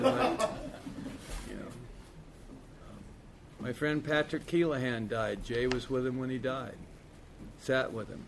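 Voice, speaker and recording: A man's voice: on the high side, slight background noise. A man candidly telling a recovery story in a casual, profane way, peppered with "man" and "you know". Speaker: speaker sharing his recovery story.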